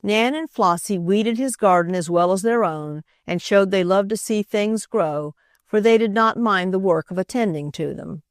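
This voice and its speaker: A woman's voice: mid-range voice, moderate pace, dry recording, studio quality. Woman narrating a children's classic. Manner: expressive reading, voices each character. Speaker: audiobook narrator. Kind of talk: scripted narration.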